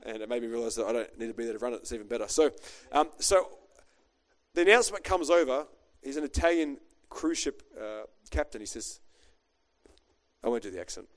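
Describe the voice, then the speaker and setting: A man's voice: medium pitch, animated, a little fast. A middle-aged man, a pastor preaching a chatty, joking sermon built on a personal story.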